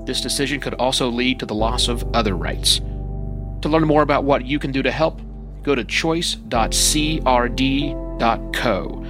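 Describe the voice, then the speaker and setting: A man reading an announcement in a measured, earnest way. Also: mid-range voice. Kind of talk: read public service announcement. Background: guitar music.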